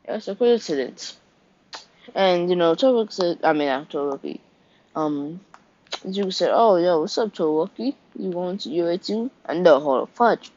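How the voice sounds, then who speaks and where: A young man casually retelling an improvised fan story, rambling, correcting himself and dropping offhand asides. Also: on the high side. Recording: dull lo-fi recording.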